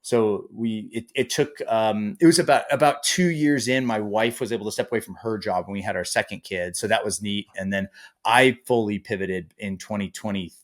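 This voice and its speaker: A man in his thirties, a podcast guest telling his story with lively, acted-out asides. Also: on the low side, normal speed. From Boise, Idaho area. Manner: animated storyteller, acts out his own past thoughts. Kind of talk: podcast interview.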